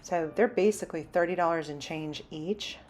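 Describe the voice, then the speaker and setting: A woman's voice: fairly low pitch, moderate pace, darkish tone, faint music behind. Chatty woman vlogging a store walkthrough. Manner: chatty, lists prices while browsing. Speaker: shopping vlogger. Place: inside a large home improvement store.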